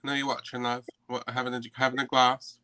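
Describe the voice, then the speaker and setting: Bright-toned playful man co-host. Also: medium pitch, quick pace, smooth, low-quality recording. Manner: playful, animated teasing. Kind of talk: casual chat.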